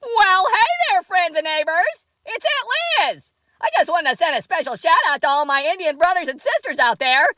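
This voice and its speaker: A woman's voice: very high voice, expressive, normal speed, bright, forceful tone, dry recording, studio quality, full character voice. A woman doing a comedy sketch impression of a folksy, overly chummy female politician.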